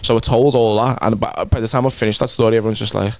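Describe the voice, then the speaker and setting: A man's voice: lowish voice, fairly even intonation, fast, no echo. A young Scouse man from Liverpool, co-hosting a podcast and telling a rambling, sweary story about a stand-up gig, laughing as he goes. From Liverpool, England. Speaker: podcast co-host and stand-up comic. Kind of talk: casual chat.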